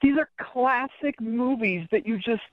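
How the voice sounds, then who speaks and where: A man calling in to a radio show, incredulous and excitable. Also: extremely high pitch, unhurried, dry recording, phone-quality sound. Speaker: caller. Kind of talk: radio call-in chat.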